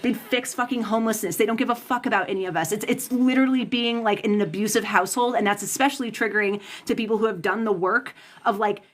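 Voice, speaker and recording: A woman's voice: on the high side, fast, hardly any pauses. A woman reading tarot on a livestream, venting heatedly and profanely as she answers viewers' comments, stumbling and restarting her sentences. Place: home, Pacific time zone.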